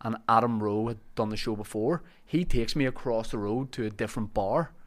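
A man's voice: fairly low pitch, fairly quick. A man, a comedian telling stories in a casual podcast chat and acting out the people in them. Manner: animated storyteller, acts out shouted quotes.

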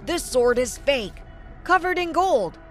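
A furious male pawn shop owner hurls loud accusations in a storybook reading, voiced by a woman narrator. The voice stays high and pushed loud. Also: expressive, takes it slowly, soft background music. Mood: accusing.

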